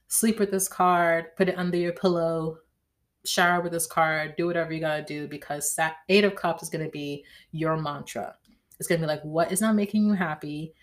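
A woman hosting a podcast in a casual, chatty way, often checking in with "right?". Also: low-pitched. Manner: chatty, tags lines with "right?", slangy. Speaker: podcast host. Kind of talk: casual astrology chat.

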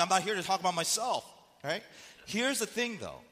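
A man's voice: high-pitched, sing-song, normal speed, bright, forceful tone. A man preaching a sermon as pastor, conversational and repeating his key phrases. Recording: long hall reverb.

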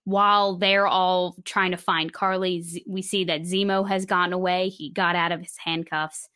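Animated woman recapping a show. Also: on the low side, moderate pace, smooth, dry recording, clean studio sound. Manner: animated retelling, acting out quotes. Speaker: podcast co-host. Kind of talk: casual recap chat.

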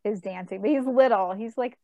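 A woman's voice: medium pitch, fairly quick, dark tone, no room sound. A woman co-hosting a casual chat, telling stories about her kids and laughing often. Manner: chatty storyteller, laughs often.

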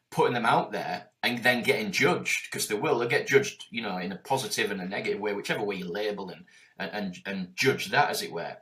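A middle-aged man with a Yorkshire accent, a business coach in casual podcast chat, animated and swearing as he acts out quoted voices. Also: medium pitch. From Yorkshire, England.

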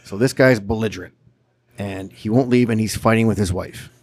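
A Canadian man from Winnipeg, in his thirties, telling a profane, animated story as a podcast guest. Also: fairly low pitch, a little fast, breathy edge. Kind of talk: casual storytelling.

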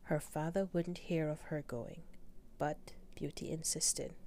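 A woman reading a fairy tale aloud in a soft, slow whisper. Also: deep voice, fairly even intonation, slight background noise. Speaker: storyteller. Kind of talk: whispered storytelling.

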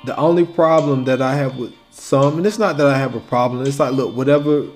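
A man's voice: mid-range voice, steady tone, brisk, a little mellow, soft background music. A man hosting a solo podcast, talking casually and acting out quoted exchanges. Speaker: podcast host.

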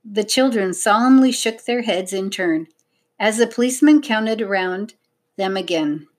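A woman narrating a children's audiobook in an expressive, measured storytelling manner. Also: mid-range voice.

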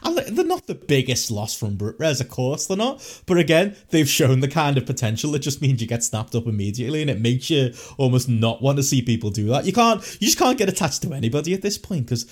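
A man's voice: medium pitch, very animated, fast, few pauses. Sweary, ranting podcast man. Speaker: podcast co-host. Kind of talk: casual chat.

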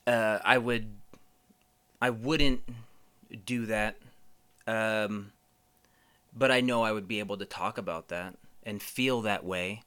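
A man's voice: on the low side, steady tone, slow, pauses often, a bit bright, clear, resonant tone. A man hosting a podcast, telling rambling stories casually, swearing a lot and using many fillers. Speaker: podcast host. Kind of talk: casual storytelling.

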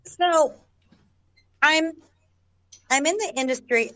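An actress being interviewed tells casual, wandering stories, laughing as she talks and restarting sentences often. Her voice is high-pitched and a bit bright, and she takes her time. The recording is rough.

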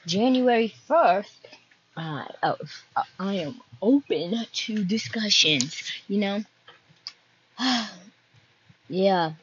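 A woman's voice: mid-range voice, animated, extremely slow, long pauses, dull audio, slight background noise. A young woman hosting her own podcast, chatting casually and rambling from one topic to the next. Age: young adult. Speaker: podcast host.

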